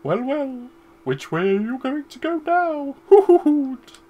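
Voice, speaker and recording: A man voicing a wise old owl guide in a game, with a high, hooting voice. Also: sing-song, unhurried, lo-fi sound, full character voice. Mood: grandly wise.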